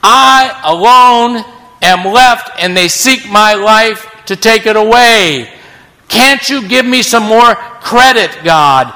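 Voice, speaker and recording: Whiny prophet guy begging for credit, pitched way up, echoing in a big hall, a preacher doing the voice. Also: expressive, slow pace, sharp tone, heavily acted. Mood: pleading. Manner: whiny and pleading. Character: self-pitying, indignant male prophet begging for credit. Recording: long reverb in a large hall.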